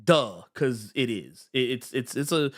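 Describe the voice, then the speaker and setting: A man co-hosting a podcast, chatting casually about comics with animated stammering restarts. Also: medium pitch, unhurried. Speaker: podcast co-host. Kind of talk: casual comic book chat.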